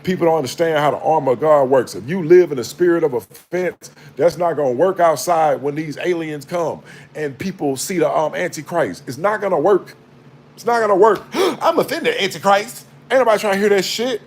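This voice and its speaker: A man giving a blunt, profane, preachy spiritual monologue to a low-held phone camera. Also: fairly quick, darkish tone. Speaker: vlogger.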